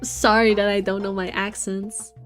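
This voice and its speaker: A woman streamer giving casual, excitable gameplay commentary, swearing and laughing often. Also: mid-range voice, moderate pace, faint music behind.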